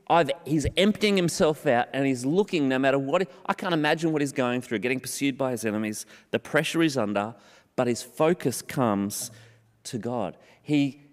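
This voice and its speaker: Earnest preacher man in an echoing hall. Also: mid-range voice. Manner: earnest, slows down on scripture and key phrases, repeats for emphasis. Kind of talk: sermon. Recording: long hall reverb.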